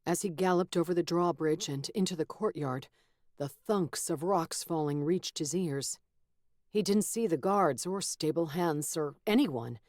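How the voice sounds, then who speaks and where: A woman narrating a fantasy audiobook in a measured, steady storytelling manner, close to a studio mic. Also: low-pitched, no room sound. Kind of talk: scripted narration.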